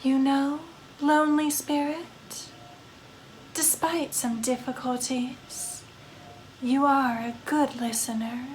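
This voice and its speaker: A melancholy female vampire ghost, elegant and solemn, who speaks softly and very slowly, as a woman acts her out. The voice sits high, and a faint noise lingers behind it. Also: fairly even intonation. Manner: soft, slow, solemn.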